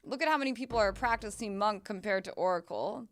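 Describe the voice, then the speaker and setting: A woman's voice: medium pitch, fast talker. A young woman streaming a game, chatting casually, swearing and laughing as she plays. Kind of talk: casual gameplay chat.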